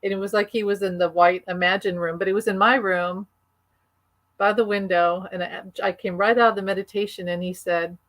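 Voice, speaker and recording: A woman's voice: medium pitch, steady tone, fairly quick, a bit bright, no room sound. A woman co-hosting a casual chat, enthusiastic and talkative, laughing often. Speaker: podcast co-host.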